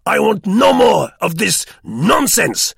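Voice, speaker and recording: A man voicing a squeaky, irritable male police official who scolds over the phone. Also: expressive, brisk, gravelly, a bit bright, breathy edge, no room sound, clean studio sound, exaggerated voice. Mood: angry. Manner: shrill and scolding.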